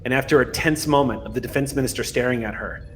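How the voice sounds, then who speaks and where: A man narrating a tabletop role-playing game as game master, in a measured, dramatic way. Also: mid-range voice, a little hiss or hum.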